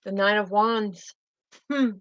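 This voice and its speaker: A woman's voice: mid-range voice, slow, a bit bright, highs cut off. A woman giving a spiritual tarot reading in a fervent, emotive way, often repeating herself. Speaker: tarot reader.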